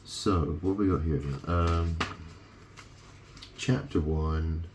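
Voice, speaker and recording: A man's voice: low-pitched, steady tone, very slow, background noise. A man in a rambling monologue, punning on words and often asking "right?" as he talks to the camera. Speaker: video host.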